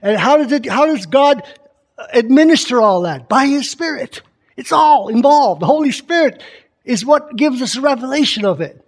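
A man's voice: very high voice, animated, normal speed. A man preaching in a conversational teaching style, reading scripture aloud with emphasis and often quizzing his listeners with questions. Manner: keeps quizzing the congregation with questions.

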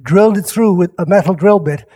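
Man, pastor, high voice, casual sermon, rambling, restarts sentences, talks to listeners. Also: brisk, mellow. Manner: rambling, self-interrupting, chuckling asides to listeners.

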